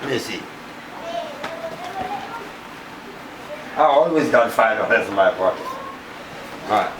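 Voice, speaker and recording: A man's voice: on the low side, expressive, a little fast, close to an everyday voice. An actor with a Bahamian accent playing a hot-tempered but doting father, emphatic and repetitive, in a film. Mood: easygoing. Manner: emphatic, repeats himself, broken grammar. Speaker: actor in a low-budget feature film. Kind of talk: naturalistic film acting. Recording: roomy, distant, with background noise.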